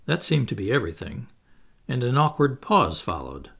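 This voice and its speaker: A man narrating a classic storybook in a measured, expressive reading. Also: medium pitch, gravelly, breathy edge. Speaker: audiobook narrator.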